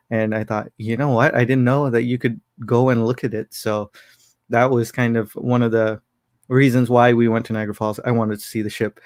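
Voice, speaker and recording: A man co-hosting a casual livestream, laughing easily and talking through watch video reviews in a relaxed, rambling way. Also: mid-range voice, no room sound, clean studio sound. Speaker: co-host.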